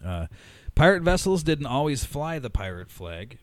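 A man's voice: fairly high pitch, very animated, moderate pace, no room sound. A man co-hosting a casual podcast chat with a Pacific Northwest American accent, reading facts from a list and swearing freely. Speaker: podcast co-host.

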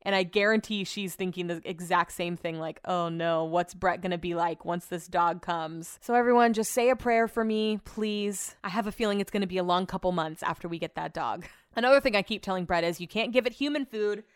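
Young woman vlogger, animated story rambles with casual swearing, dry close sound. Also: medium pitch, brisk, few pauses, clear, resonant tone, no room sound. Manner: chatty, animated retelling of arguments, acts out quotes.

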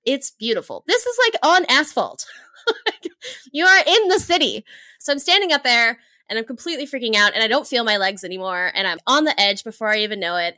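With a fairly high, pushed, and bright voice, a Hawaiian woman in her thirties enthusiastically tells travel stories as an interview guest. She laughs often and acts out her own past thoughts in this animated storytelling. There's no room sound.

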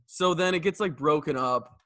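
A man's voice: fairly high pitch, normal speed, fairly bright tone. A young man in his twenties casually retelling a story to a friend, laughing often and swearing.

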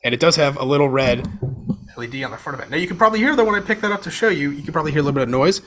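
A man talking casually over a video call, explaining audio gear as a podcast guest, with a relaxed, filler-heavy manner. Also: a little high, racing, a little hiss or hum. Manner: relaxed, chatty, lots of fillers like "you know" and "um". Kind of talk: casual explanatory chat, demonstrating microphones. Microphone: switching between webcam mic and USB condenser over a video call.

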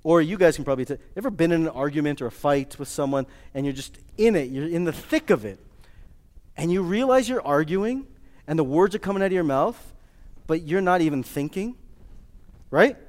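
A man giving a lively motivational talk to a live audience, joking and quizzing the crowd. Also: on the high side, brisk. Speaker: speaker addressing a live audience. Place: large hall with an audience. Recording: long hall reverb.

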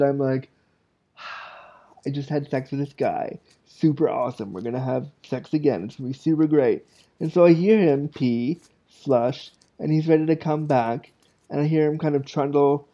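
A man in his thirties with a fairly high voice tells a story on his podcast, candid and self-deprecating, looping back over his words. The sound is muffled and lo-fi. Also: warm tone. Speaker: podcast host. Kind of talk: casual storytelling.

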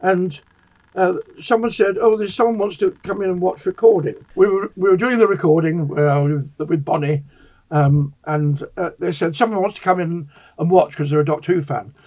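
A man's voice: sits high, moderate pace, a little mellow, lo-fi sound. An older man from northern England, a guest actor telling stories in a chatty, theatrical way. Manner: chatty storyteller, theatrical quoting voices. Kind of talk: casual anecdotal chat.

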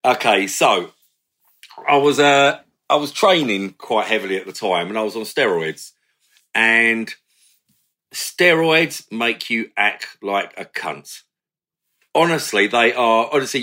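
A man's voice: on the low side, a little slow. A man, a former career criminal, telling blunt stories with swearing in a candid chat. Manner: blunt, swearing, animated retelling with laughs.

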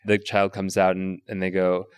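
Low-voiced man hosting a thoughtful interview. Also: monotone, normal speed, clear, resonant tone, no room sound, studio quality. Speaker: podcast host. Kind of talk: conversational interview.

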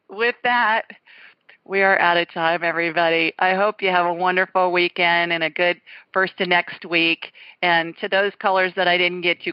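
A woman hosting a call-in radio show, brisk and reassuring with callers, quick to laugh. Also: fairly low pitch, no room sound, highs cut off. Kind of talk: casual call-in radio chat.

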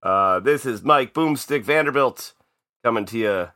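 A man from Chicago, co-hosting a casual podcast and telling stories in a lively, profane way. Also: mid-range voice, unhurried, no room sound, clean studio sound. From Chicago, USA. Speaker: podcast co-host.

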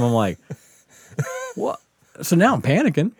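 Animated, profane Southern storyteller man. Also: mid-range voice, normal speed, pauses often, breathy edge. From Mississippi Gulf Coast. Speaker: podcast guest. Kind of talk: casual storytelling.

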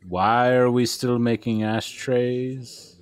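A man playing a droll awards-ceremony announcer in a comedic improv bit, deadpan and trailing off quietly. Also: mid-range voice, slow, clean tone, close to an everyday voice.

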